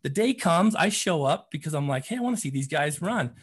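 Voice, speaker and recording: A man with a slightly high voice tells a story from his work as a therapist and running coach. He talks casually, full of fillers, and lively when he acts out what people said. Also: brisk, breathy edge. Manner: animated, acts out quotes, many fillers like "you know" and "man".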